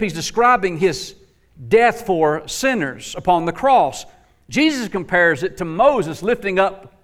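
A man preaching a sermon to his congregation, emphatic and folksy, repeating lines for effect. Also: high voice. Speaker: pastor.

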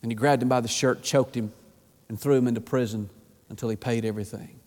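A man preaching a sermon in a church, fervent, often acting out voices and rising to an excited pitch. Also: fast, big-room sound. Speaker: pastor. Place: church sanctuary.

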